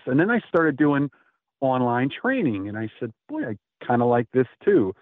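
A man's voice: mid-range voice, moderate pace, dry recording. Chatty man on a tinny line. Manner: rambling, animated storyteller acting out quotes. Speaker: radio host guest. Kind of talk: casual interview storytelling.

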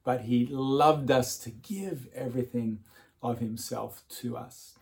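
A man's voice: mid-range voice, slow, creaky. A man preaching an Easter sermon. He chuckles often and repeats words as he starts his phrases. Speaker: pastor.

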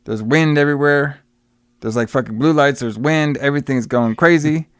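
Smooth-voiced man, swearing recap. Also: mid-range voice, normal speed, dry recording, studio quality. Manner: profane, rambling, acts out quoted lines. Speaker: podcast co-host recapping a film. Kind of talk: casual chat.

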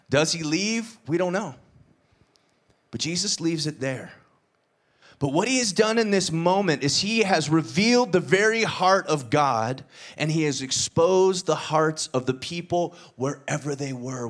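A man preaching a sermon, retelling a parable with lively acted-out dialogue and casual asides. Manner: animated storytelling, acts out dialogue with shifting pitch. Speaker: pastor.

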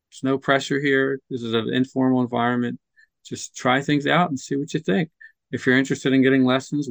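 Gravelly-voiced man, encouraging podcast guest. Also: medium pitch, no room sound. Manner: chatty, encouraging, acts out kids' voices. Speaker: guest, music nonprofit leader. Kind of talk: casual podcast interview.

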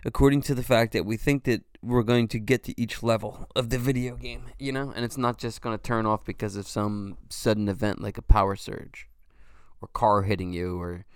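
A man's voice: on the low side, fairly even intonation, normal speed, clean tone, no room sound, studio quality. A man in his forties hosting a podcast alone, talking in a loose, rambling way, swearing freely and saying "you know" a lot. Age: 40s. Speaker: podcast host. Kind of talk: casual solo monologue.

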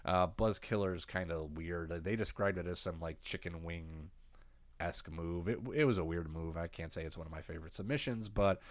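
A man's voice: sits low, normal speed, dry recording. A man co-hosting a casual recap chat, laid-back and swearing freely, getting over a cold. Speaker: podcast co-host recapping wrestling.

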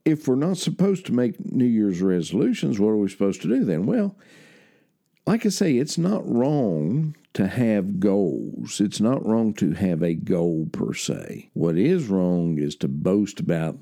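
Male preacher, West Virginian accent, homespun sermon, lively intonation, dark warm tone. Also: lowish voice, measured pace, vocal fry. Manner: folksy, conversational, homespun.

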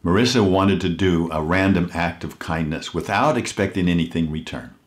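A man giving an earnest inspirational talk, telling a story and slowing down to stress key points. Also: low-pitched. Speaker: motivational speaker.

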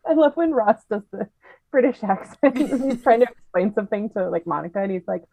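A woman's voice: mid-range voice, fairly quick, dark tone, no room sound, rough recording. A woman co-hosting a podcast in casual chat, chatty and giggly as she quizzes her co-host.

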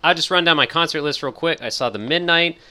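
Young guy on a podcast, bright crisp voice, excitable, kinda losing his voice. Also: fairly high pitch, quick pace. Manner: excitable, swears casually. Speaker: podcast co-host. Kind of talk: casual chat.

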